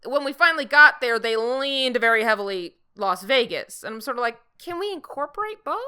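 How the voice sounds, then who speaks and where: Woman, casual chat, enthusiastic, rambling, smooth clear tone, higher voice. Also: fairly quick, sharp tone. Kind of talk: casual video-call chat.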